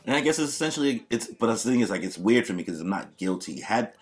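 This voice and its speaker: A man with a lowish voice talks fast with lively intonation as a podcast guest. His casual chat is laid-back, loose and profane, with lots of swearing, trailing off, and fillers.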